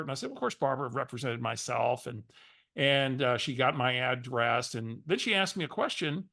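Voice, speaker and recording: A man coaching, telling a lively story and acting out a phone call. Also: mid-range voice, a little fast. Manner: animated storyteller, acts out phone calls.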